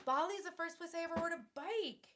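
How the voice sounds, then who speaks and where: A woman's voice: extremely high pitch, fast talker, background noise. A woman in her thirties chatting playfully with viewers on a casual home livestream. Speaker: livestream host. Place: home, indoors.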